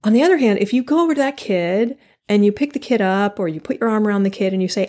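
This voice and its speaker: A woman's voice: mid-range voice, lively intonation, fast, mellow. A woman hosting a solo podcast, talking earnestly and animatedly, repeating key phrases for emphasis and restarting her sentences. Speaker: podcast host.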